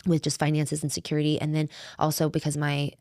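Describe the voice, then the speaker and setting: A woman's voice: low-pitched, monotone, fast talker, darkish tone, no room sound, studio quality. A middle-aged woman co-hosting a faith podcast, talking in an earnest, heartfelt way that rambles and restarts. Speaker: podcast co-host. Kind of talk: faith-based conversational podcast.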